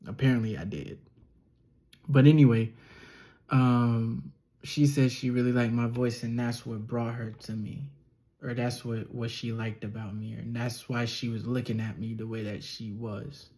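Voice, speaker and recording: A young man telling a personal story as a relaxed podcast monologue, slightly nasal and often chuckling or trailing off. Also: medium pitch, measured pace. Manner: laid-back, chuckling, trails off with ums. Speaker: podcast host.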